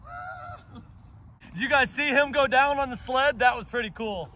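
A man vlogging outdoors in the snow with his service dog. He is cheerful and excitable, laughs often, and calls out short commands and praise to the dog from a handheld camera. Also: very high-pitched, brisk, slight background noise. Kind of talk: casual vlog narration and dog commands.

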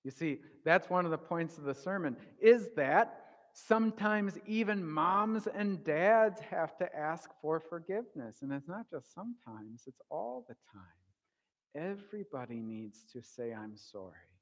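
A man giving a children's sermon as the pastor, telling a lively story and acting out his own shouting. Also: fairly high pitch, a little slow. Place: church sanctuary. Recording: long reverb of a church hall.

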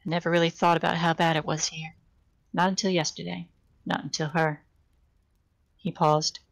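A woman's voice: low voice, creaky, a bit bright, rough recording. A woman casually reading a novel aloud on a live stream, giving the characters' lines small shifts in voice and sometimes stumbling and restarting. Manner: reads dialogue with small shifts for characters, occasional slips and restarts.

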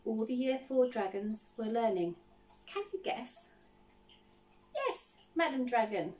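A woman teacher reading a picture book aloud to children, animated and often stopping to ask them questions. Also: fairly high pitch, takes it slowly, recorded from a distance, poor audio. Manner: animated, asks the listeners questions.

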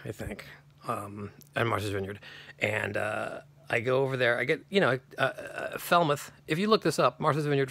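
A man rambles through a personal anecdote in a gravelly voice with a bright, forward edge. He restarts and corrects himself often, circling back as he goes. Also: mid-range voice. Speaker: channel host telling a personal story.

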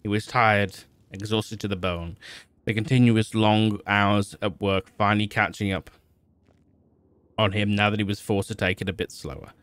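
Man reading fiction aloud on stream; steady, a few stumbles, close dry mic. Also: fairly low pitch, normal speed, clean tone, dry recording. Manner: steady reading with small slips and restarts.

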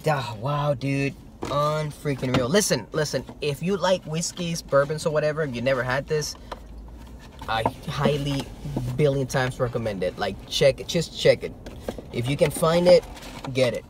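A man vlogging casually, telling a story in an excitable, animated way, with some stammering. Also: mid-range voice, moderate pace, background noise. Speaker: toy-hunting vlogger.

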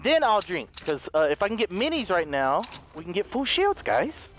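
A man commentating his own video game play, jokey and excitable, dropping to hushed mutters and then bursting into loud yells. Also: high voice, moderate pace. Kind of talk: live gameplay commentary.

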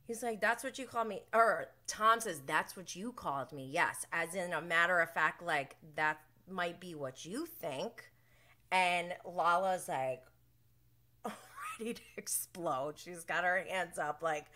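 A young adult woman hosting a casual recap show, telling the story with animated quoted voices. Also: a little slow. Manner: animated storytelling, acts out quotes with big pitch jumps. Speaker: podcast host.

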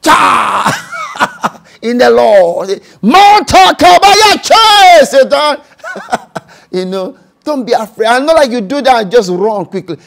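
Animated Nigerian male preacher, high voice. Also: unhurried, gravelly. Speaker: pastor. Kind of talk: sermon.

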